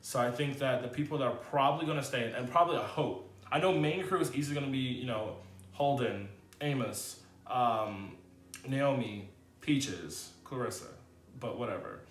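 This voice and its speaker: Animated, slangy man in an echoey room. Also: normal speed. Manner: animated, swings into high excited exclamations; loose, slangy, many fillers. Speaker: TV review vlogger. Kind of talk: casual spoken review.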